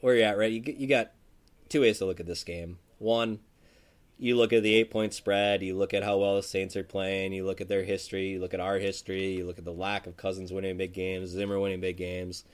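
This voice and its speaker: A man with a fairly low voice co-hosts a casual sports talk show. He rambles through his points, stopping to restart and filling gaps with ums and uhs. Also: level tone, a little fast. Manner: rambling, many fillers and restarts. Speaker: podcast co-host.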